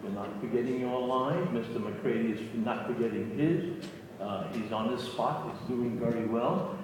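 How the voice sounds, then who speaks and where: A man voicing a patient young male film director who speaks quietly and never loses his composure, heard in an echoey hall. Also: medium pitch, moderate pace, distant mic, background noise, voice pushed down, lightly acted. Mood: calm. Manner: quiet, unruffled.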